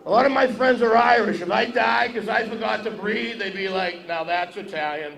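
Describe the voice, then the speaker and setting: Speaking at a moderate pace, this comedian has a high, creaky voice with a fairly bright tone. He brashly jokes at the expense of the live audience from a podium on an event hall stage, with echo and crowd noise in the recording.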